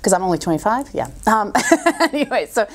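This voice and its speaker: A middle-aged woman talking as a podcast guest, an animated storyteller who acts out quoted voices. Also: medium pitch, fairly quick. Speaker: guest coach. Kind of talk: podcast interview.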